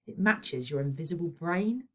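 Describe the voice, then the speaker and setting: A woman's voice: on the low side, animated, moderate pace, fairly bright tone. A woman reading aloud and voicing a bold, sarcastic immortal girl with a chirpy way of talking.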